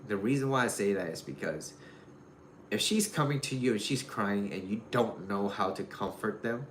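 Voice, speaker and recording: A man's voice: on the low side, moderate pace. A man giving casual dating advice in a loose, rambling way, full of "like" and "you know". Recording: roomy echo with faint noise.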